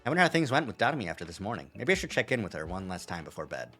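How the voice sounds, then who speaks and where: A woman's voice: rumbling low, racing. A woman streaming a visual novel live, joking casually and reacting to the story, with faint game music behind. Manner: animated, joking, swears casually. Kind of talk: live let's-play commentary, reading the game aloud.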